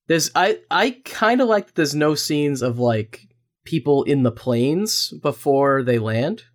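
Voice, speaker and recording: A man's voice: fairly high pitch, lively intonation, unhurried. A man co-hosting a casual podcast about musicals, easygoing and a bit hesitant, dropping dry quips. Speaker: podcast co-host. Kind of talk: casual chat.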